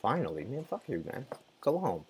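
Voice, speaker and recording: A gaming channel host plays a game and casually comments in a mid-range, sing-song voice at a moderate pace. He mutters, reacts, laughs, and sometimes swears, with a noisy background behind him.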